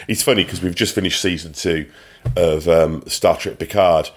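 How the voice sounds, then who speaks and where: A man co-hosting a podcast, recapping a TV episode in casual chat, rambling with many pauses and restarts. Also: low-pitched, steady tone. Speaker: podcast co-host.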